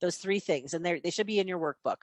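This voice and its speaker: A woman leading a live online sales training session, in an energetic and chatty teaching manner over a video call. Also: lowish voice, fast, dry recording.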